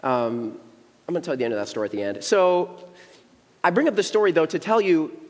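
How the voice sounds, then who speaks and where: Brief: pastor in his thirties, casual and playful, fairly high voice, long hall reverb. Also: fairly quick. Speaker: young adults pastor. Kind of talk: humorous storytelling sermon. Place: church sanctuary.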